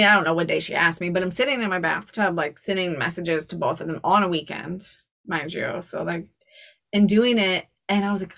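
A woman in her forties, telling stories as a guest in a casual podcast interview, chatty and quick to laugh. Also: fairly low pitch. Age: 40s. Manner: chatty, laughs often, storytelling. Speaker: guest style coach.

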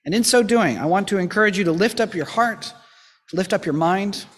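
A man's voice: sits high, fairly quick, a bit bright. A man preaching a sermon as a pastor, earnest and exhorting, with lightly humorous asides, in a church. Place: church sanctuary. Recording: long church reverb.

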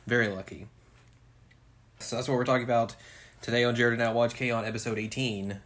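A woman with an unusually deep, low-pitched voice co-hosts a casual podcast. She recaps an anime episode in a relaxed, chatty way and playfully acts out the characters' lines. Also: brisk. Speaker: podcast co-host.

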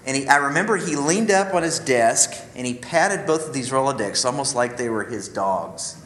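A man's voice: mid-range voice, expressive, moderate pace, fairly bright tone. A man giving a conversational teaching talk to other men, telling personal stories in a folksy way and calling his listeners guys. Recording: roomy echo with faint ambience.

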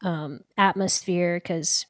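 A woman's voice: fairly low pitch, steady tone, takes it slowly, no room sound, clean studio sound. A young woman co-hosting a podcast, chatting casually and filling her talk with "like". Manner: chatty, lots of "like" fillers. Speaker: podcast co-host. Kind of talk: casual chat.

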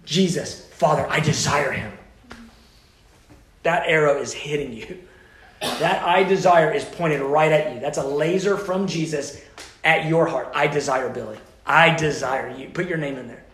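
Passionate preacher man, fairly high voice. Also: unhurried, reverberant. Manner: passionate, swings from loud urgent pleading to hushed intimate tones. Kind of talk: teaching sermon.

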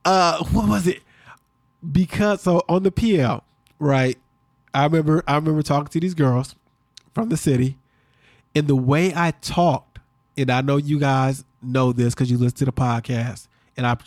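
A man co-hosting a podcast, recapping a reality show in quick, animated casual chat. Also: medium pitch, dry recording, clean studio sound. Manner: fast-talking, animated storyteller. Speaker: podcast co-host.

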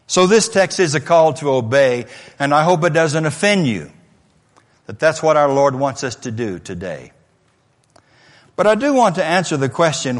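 A middle-aged man preaching a sermon in a church, in an earnest, conversational way with many rhetorical questions, heard in an echoey hall. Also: on the high side. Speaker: pastor. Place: church sanctuary.

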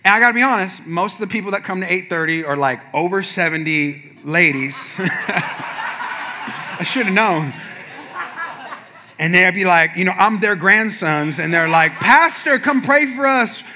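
A man preaching as a pastor, telling a funny personal story in a lively way and acting out the other people in it with sudden shouts. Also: high-pitched, a little slow, long pauses, a little hiss or hum. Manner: animated, acts out quotes with sudden shouts. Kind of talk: humorous sermon storytelling.

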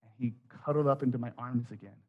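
A man in his thirties preaching a sermon, telling a story with quoted voices and dropping soft at key points. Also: mid-range voice, fast talker, narrow, tinny audio. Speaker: pastor.

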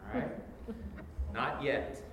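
A man preaching a sermon as pastor, impassioned, his voice swelling loud when he voices laments. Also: very slow. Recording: echoey church hall with background noise.

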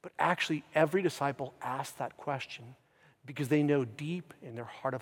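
A man preaching a sermon, swinging from loud, emphatic bursts down to hushed, near-whispered phrases. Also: medium pitch, normal speed. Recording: long church reverb.

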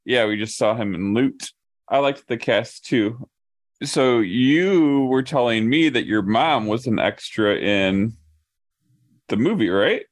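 A man co-hosting a podcast, prompting his partner with quick questions in casual chat. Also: medium pitch. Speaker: podcast co-host.

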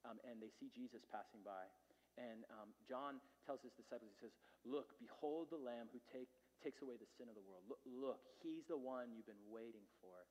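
A man preaching a conversational sermon, with many fillers, who drops to a hush and then rises to loud, urgent peaks. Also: mid-range voice. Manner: conversational, with fillers and dramatic swings in loudness. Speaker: pastor. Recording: long hall reverb.

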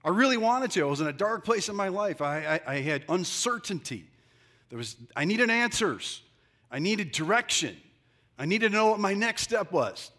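A man delivers a sermon from a brightly lit church stage, teasing the congregation and urging them to speak up. His voice rings bright and sits a little high for a man. He keeps an upbeat, animated energy throughout. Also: moderate pace. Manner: energetic, joking, calls on the congregation. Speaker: pastor.

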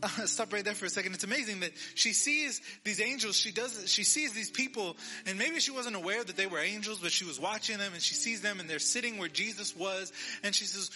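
Bright-voiced storytelling pastor. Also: male voice, high voice, a little fast, soft background music. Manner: storytelling, acts out quoted lines; asks the audience to repeat. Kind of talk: sermon.

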